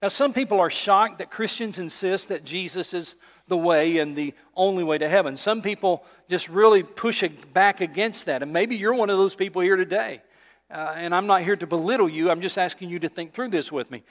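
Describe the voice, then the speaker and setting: Speaking fairly quickly in a high-pitched voice, a pastor delivers a conversational sermon full of rhetorical questions to his congregation. The church sanctuary gives it a big-room sound.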